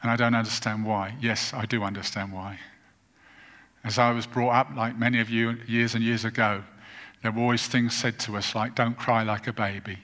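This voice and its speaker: Male pastor, mid-pitched voice, earnest and deliberate sermon delivery, long hall reverb. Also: little pitch movement, a bit bright. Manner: earnest, deliberate, with emphatic repetition.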